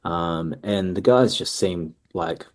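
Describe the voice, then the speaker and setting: A relaxed man in his thirties talks through his answers in an easygoing way. His voice sits low and mellow, with frequent pauses and ums. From Australia. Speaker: musician guest. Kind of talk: casual interview answers.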